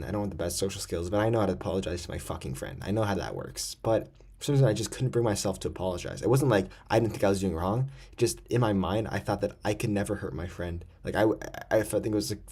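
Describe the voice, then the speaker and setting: A man's voice: on the low side, warm tone. A young man telling a personal story in a casual, rambling monologue, using a lot of slang, restarting his sentences and laughing nervously. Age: young adult. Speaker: vlogger.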